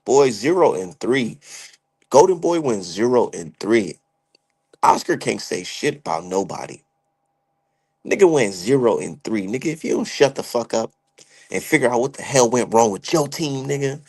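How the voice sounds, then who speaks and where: A man's voice: medium pitch, animated, normal speed, creaky, a little mellow, breathy edge. A young man giving heated, profane, slangy commentary as a streamer. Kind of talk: ranting casual commentary.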